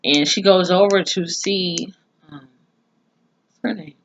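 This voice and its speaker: A woman with a fairly low voice talks through a TV episode like she is gossiping with a friend, swearing freely and wandering into side rants. The recording is dull and lo-fi, with a faint hiss underneath. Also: slow pace. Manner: profane, chatty storytelling with asides. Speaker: TV series reviewer. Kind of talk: casual episode recap.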